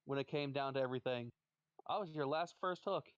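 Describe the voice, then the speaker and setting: A man's voice: mid-range voice, brisk, no room sound, lo-fi sound. A man trash-talking another player on a stream voice chat, scornful and taunting, repeating his insults. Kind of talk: trash talk between matches.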